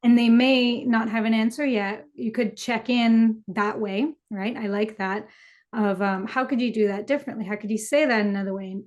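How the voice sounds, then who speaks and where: A woman's voice: a little high, a little mellow. A woman youth educator chatting casually, often checking in with "right?" and affirming her partner. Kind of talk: casual conversational talk.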